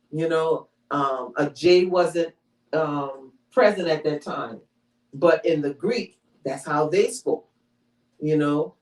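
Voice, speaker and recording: A woman's voice: deep voice, a little mellow. A woman preaches a conversational sermon to her congregation, teaching step by step and checking in with "all right?" along the way. She is recorded from a distance in an echoey hall, so her voice rings off the walls. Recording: echoey room, mic from far off.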